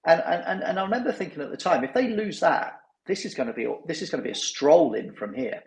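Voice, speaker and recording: A man hosting a casual podcast chat, talking in an animated way and acting out what others said. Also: a little high, quick pace, echoey room. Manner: animated, mimics others in quotes. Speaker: newsletter host.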